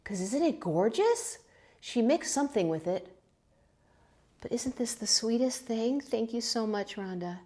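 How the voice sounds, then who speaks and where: A woman's voice: fairly high pitch, animated, unhurried, mellow. A middle-aged woman hosting a pottery channel, chatting casually as she unloads a kiln, gushing with gasps and little exclamations. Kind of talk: casual kiln-opening vlog chat.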